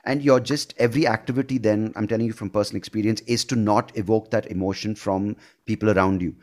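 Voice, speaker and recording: A man's voice: fairly low pitch, fairly even intonation, quick pace, a little mellow. A man, hosting an interview and earnestly reflecting on his own experience. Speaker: host. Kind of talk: conversational interview.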